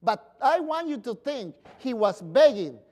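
Male pastor, lively sermon delivery, acts out pleas in voices, wide pitch swings. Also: a little slow.

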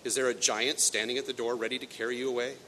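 A man's voice: flat delivery, quick pace, pushed and bright, close to an everyday voice. A man reading a fairy tale aloud and voicing a stern, fatherly king who speaks firmly. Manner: firm, commanding. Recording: echoey hall, faint rumble.

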